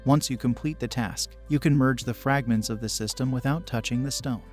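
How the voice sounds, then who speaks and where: A man's voice: medium pitch, brisk, darkish tone. Man narrating a recap over music.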